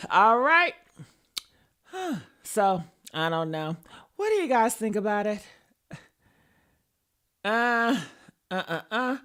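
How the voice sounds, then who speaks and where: A sassy woman with dishes on celebrity drama, cursing freely and reacting big. Her voice sits high and bright, swinging widely in pitch, and she takes her time between punchlines. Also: very animated, very slow, pauses often. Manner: sassy, profane, dramatic, reads posts aloud and reacts. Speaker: celebrity gossip commentator. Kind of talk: casual gossip commentary.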